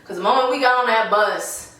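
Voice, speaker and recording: A young woman guest in a casual chat over food, laid-back and slangy, quick to laugh. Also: fairly high pitch, pushed and bright, recorded from a distance. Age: young adult. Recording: echoey room, off-mic.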